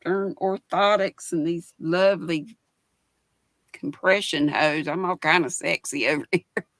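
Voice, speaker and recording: A woman's voice: lowish voice, unhurried, a bit bright, dry recording. An older woman, chatting casually as a guest on a video call. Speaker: guest panelist. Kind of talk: casual chat.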